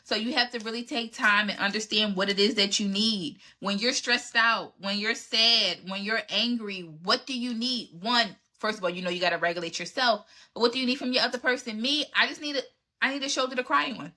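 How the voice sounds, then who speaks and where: A woman's voice: a little high, a little fast, bright, forceful tone. A woman in her thirties hosting a podcast, giving candid, emphatic relationship advice and acting out her exchanges with past dates. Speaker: podcast host answering relationship questions. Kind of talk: casual advice talk.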